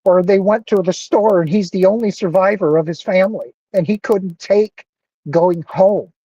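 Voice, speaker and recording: A man's voice: high-pitched, mellow, no room sound, muffled recording. A man talking earnestly and emotionally into his camera in a personal monologue, close to tears and repeating himself. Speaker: vlogger.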